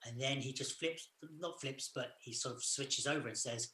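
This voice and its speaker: Bright-voiced man retelling a film plot. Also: medium pitch, moderate pace, hardly any pauses, roomy sound. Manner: loose retelling of the plot, full of "sort of" and "like". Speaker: podcast co-host. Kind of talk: casual film review chat.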